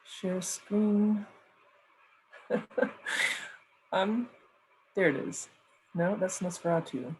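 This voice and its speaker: A woman's voice: medium pitch, very slow, long pauses, mellow, a little hiss or hum, low-quality recording. A woman professor giving a mock lecture over a video call, loose and conversational, thinking aloud.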